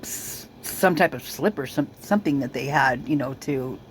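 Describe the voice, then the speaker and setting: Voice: mid-range voice, moderate pace, slight background noise, poor audio. A person casually talking over news footage as a video commentator, rambling with many fillers and restarts and sounding suspicious and speculative.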